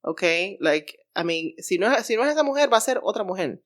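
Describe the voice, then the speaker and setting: A woman's voice: mid-range voice, expressive, quick pace. A woman co-hosting a casual podcast chat, switching mid-sentence between English and Spanish and laughing often. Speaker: podcast co-host.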